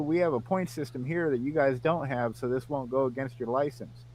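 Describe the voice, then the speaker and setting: Animated man acting out a story. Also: medium pitch, a little fast. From Iowa, United States. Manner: animated, acts out both sides of the dialogue. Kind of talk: casual storytelling among friends.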